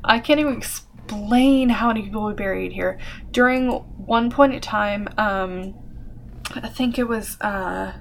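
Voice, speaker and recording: A woman's voice: mid-range voice, unhurried, creaky, a little hiss or hum. A young adult woman co-hosting a podcast, casually telling a history story with lots of fillers and the odd swear word. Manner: chatty, full of fillers and swearing. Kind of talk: casual chat.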